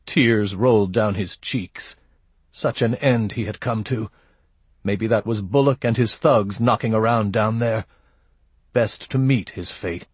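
A man narrating a story in a measured, steady way. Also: fairly low pitch, husky, no room sound. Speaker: audiobook narrator. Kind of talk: scripted narration.

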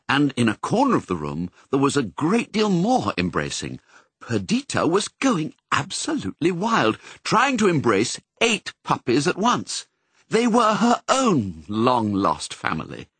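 Husky, lively male storybook narrator. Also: medium pitch, no echo. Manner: expressive, storytelling. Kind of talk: audiobook reading.

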